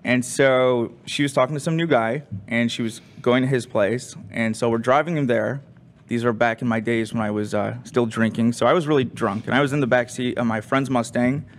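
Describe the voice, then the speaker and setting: A young man on a show's crew telling a rambling story in a casual, animated way, with lots of fillers. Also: mid-range voice, brisk. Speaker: crew member.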